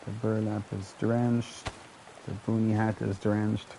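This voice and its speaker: Slow, mellow French Canadian man. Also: lowish voice, little pitch movement, creaky, a little hiss or hum. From Quebec, Canada. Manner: chatty, rambling, casual swearing. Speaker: gaming channel host. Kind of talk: solo gameplay commentary.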